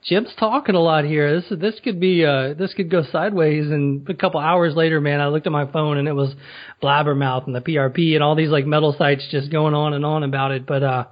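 Male podcast host, rambling casual delivery, slightly high voice. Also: steady tone, fairly quick, lo-fi sound. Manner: rambling, full of fillers. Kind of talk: casual interview.

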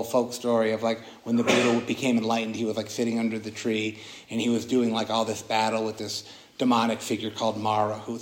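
A man leading a casual, earnest dharma talk as a meditation teacher, often restarting his sentences. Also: lowish voice. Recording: roomy echoing hall.

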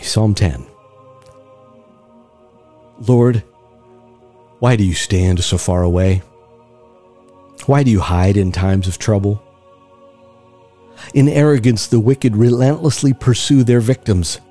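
A man hosting a scripture reading, reading in a measured, solemn way with rising emphasis and leading listeners in prayer. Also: lowish voice, warm tone. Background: faint music.

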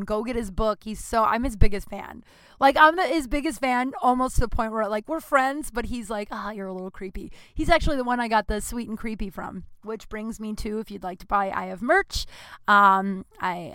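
A woman's voice: mid-range voice, fairly bright tone, dry recording. A young adult woman hosting a podcast, chatting casually and profanely with self-deprecating jokes. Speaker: podcast host. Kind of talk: casual solo podcast outro.

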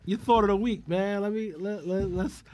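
A man hosting a podcast in casual chat, talking in halting, profane bursts and laughing often. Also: sits high, warm tone, no room sound. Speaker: podcast host.

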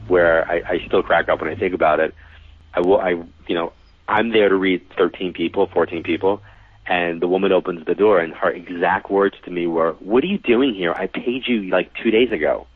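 Speaking a little fast in a low, breathy voice, a male psychic reader spins animated anecdotes for a relaxed interview, voicing the characters and leaning heavily on fillers. There's no echo, but the audio has a thin, telephone quality.

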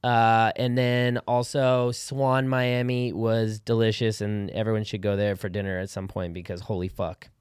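A man's voice: lowish voice, flat delivery, normal speed, hardly any pauses, darkish tone, smooth, no room sound, clean studio sound. A young man co-hosting a podcast, joking and laid-back in casual banter. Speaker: podcast co-host.

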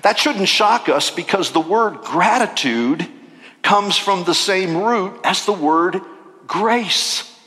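A male pastor preaching a sermon in an animated way, breaking into acted-out voices and jokes. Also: high-pitched, takes it slowly, long reverb tail.

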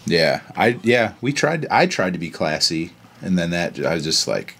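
A man co-hosting a podcast in casual chat, playful and teasing, quick to laugh. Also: low voice, big pitch swings, vocal fry, a bit bright, slightly rough. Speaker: podcast co-host.

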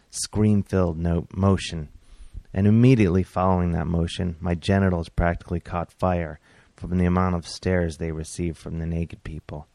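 A man, a comedian and author, reading his own comic story aloud in a wry, deadpan way with bursts of exasperation. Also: sits low, no echo.

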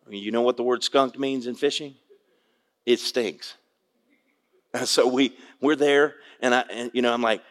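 Older male pastor, folksy, animated sermon storyteller, medium pitch, long church reverb. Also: normal speed. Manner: animated storytelling, acts out quoted voices, folksy. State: tearful at moments.

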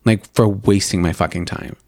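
Young man ranting, filler-heavy, low voice. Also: fairly even intonation, normal speed, darkish tone, no room sound, clean studio sound. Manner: rambling, heavy on "like" fillers, profane and blunt. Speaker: makeup video and podcast host. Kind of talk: casual ranting monologue.

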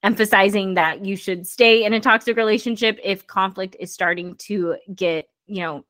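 A young adult woman co-hosting a casual podcast chat, animated and quick, her voice rising when she feels passionate. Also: medium pitch, no echo. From Puerto Rican and Mexican heritage. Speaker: podcast co-host.

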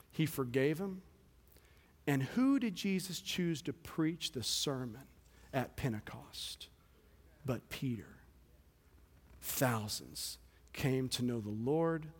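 A man preaching a sermon as pastor, with passionate delivery that swings between loud emphasis and quiet, hushed moments. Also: on the high side, a little slow, pauses often. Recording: long hall reverb.

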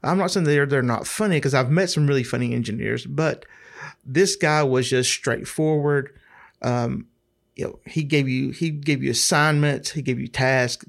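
A middle-aged man telling a rambling, casual story, often repeating words and clearing his throat. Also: medium pitch.

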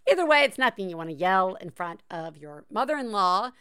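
A woman's voice: mid-range voice, very animated, a little fast, bright, forceful tone, smooth. A woman podcast host from the American South, telling stories in casual chat with frequent laughs and fillers. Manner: chatty, laughs often, filler-heavy storytelling.

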